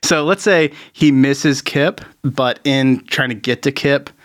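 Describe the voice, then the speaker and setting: Game master, male, mid-pitched, loose and laughing narration. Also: takes it slowly.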